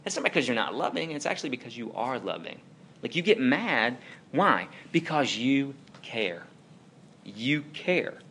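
A man's voice: medium pitch, sing-song, moderate pace, sharp tone, slight background noise. A man in his thirties preaching a casual, conversational sermon, talking straight to his listeners with frequent fillers. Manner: informal, talks directly to the audience, many fillers like "like". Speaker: pastor.

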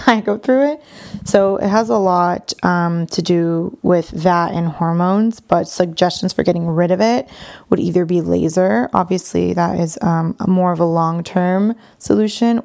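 A woman's voice: lowish voice, creaky, darkish tone. A young woman hosting a casual solo podcast, talking in an earnest, chatty way with lots of fillers and repeated words. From Brazilian heritage. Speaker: podcast host.

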